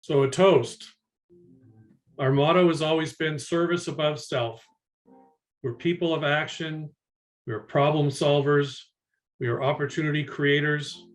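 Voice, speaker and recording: A man's voice: fairly high pitch, fairly even intonation, measured pace, long pauses, poor audio. A man giving an upbeat toast at a ceremony in a declaring way. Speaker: toast giver. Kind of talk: toast speech.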